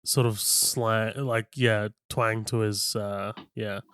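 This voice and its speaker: A man co-hosting a casual film podcast, relaxed and laughing often, with many fillers. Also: lowish voice, slow pace, clear, resonant tone, no echo, clean studio sound. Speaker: podcast co-host. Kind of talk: casual film-review chat.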